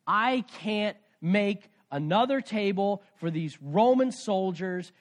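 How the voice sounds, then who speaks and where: Fed up young guy throwing down his work, as a preacher acts him out, highish voice. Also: lively intonation, takes it slowly. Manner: exasperated outburst.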